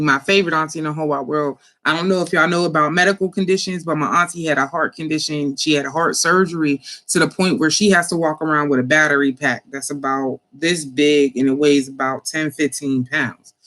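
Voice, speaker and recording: A woman hosting an online talk, telling a family story in a casual, animated, profane way with slangy speech and frequent laughter. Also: low voice, a little fast, hardly any pauses. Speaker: host.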